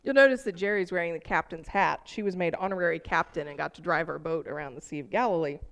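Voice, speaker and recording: A woman giving a sermon, telling personal stories in an animated way that rises with emotion. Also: on the low side, fast, a little hiss or hum. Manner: animated storytelling, voice rising with emotion. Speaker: preacher.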